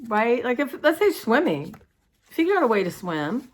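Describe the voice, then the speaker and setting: A woman's voice: on the high side, big pitch swings, normal speed. A woman, rambling chattily to her viewers in a casual art vlog. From United States. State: sore throat. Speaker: vlogger.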